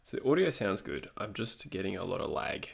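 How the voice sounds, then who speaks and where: A man's voice: deep voice, very animated, fairly quick, gravelly, husky. A young Australian man hosting a live stream, chatting casually and answering his viewers' messages.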